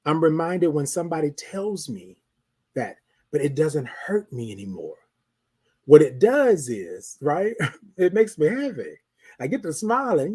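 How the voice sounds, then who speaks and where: A man with a fairly high voice gives a motivational talk. He speaks emphatically and leans on rhetorical questions and repeated phrases. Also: sing-song, unhurried, mellow, breathy edge. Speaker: host of a motivational show.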